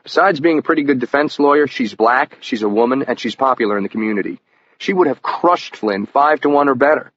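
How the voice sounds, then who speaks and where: A man's voice: mid-range voice, animated, a little fast, fairly bright tone, dry recording. Man narrating a crime audiobook. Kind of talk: scripted first-person audiobook narration. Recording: muffled lo-fi audio with faint hiss.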